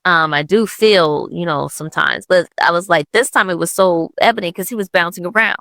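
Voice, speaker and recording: A woman's voice: fairly low pitch, brisk, sharp tone, dry recording. Young woman podcaster rambling thru a story, lots of "i was like", dry close sound. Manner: chatty, full of "I was like" and "literally". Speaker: podcast host. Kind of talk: casual spiritual storytelling.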